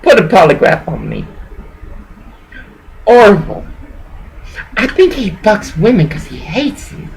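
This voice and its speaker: A woman speaking into a video in an unhurried but agitated, rambling way, emotional and quick to curse as her thoughts wander. There is a faint hiss of noise behind her voice. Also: mid-range voice, huge pitch swings, gravelly, a little mellow, low-quality recording.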